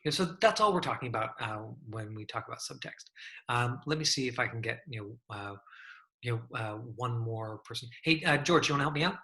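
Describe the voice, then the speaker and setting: A man's voice: medium pitch, lively intonation, a little fast, bright, forceful tone. A man teaching an online acting class over a video call, talking in a loose, chatty way full of fillers and restarts.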